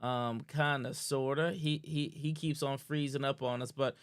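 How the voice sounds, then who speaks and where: A man's voice: mid-range voice, fairly even intonation, unhurried, smooth, no room sound, clean studio sound. A man hosting a live online show, talking in a casual, hyped-up way, repeating phrases, restarting often and tagging lines with "man.". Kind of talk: casual hyped-up livestream talk.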